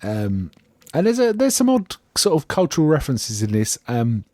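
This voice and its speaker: A man's voice: mid-range voice, huge pitch swings, normal speed, mellow, no echo, studio quality. A man casually recapping a TV episode on a podcast, rambling and amused and often trailing off mid-sentence. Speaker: podcast co-host.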